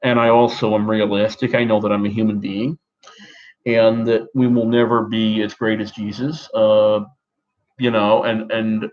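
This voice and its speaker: A man in his thirties from Australia, talking in a put-on American accent in a halting, rambling personal monologue full of restarts and fillers. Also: on the low side, level tone, highs cut off, a little hiss or hum. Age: 30s. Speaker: vlogger. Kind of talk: personal talk to camera.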